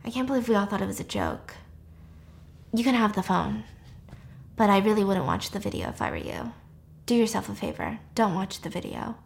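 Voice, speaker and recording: A woman voicing an anxious young woman who stammers and speaks in a hushed, halting way. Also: medium pitch, sing-song, gravelly. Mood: somber. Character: shaken anxious young woman, guilt-ridden.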